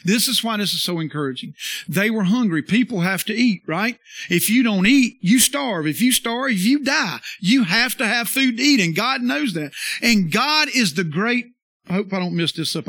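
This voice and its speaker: High, bright-voiced preaching pastor. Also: male voice, no room sound. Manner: emphatic, repeats phrases, rises to loud exclamations; folksy, conversational asides. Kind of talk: sermon.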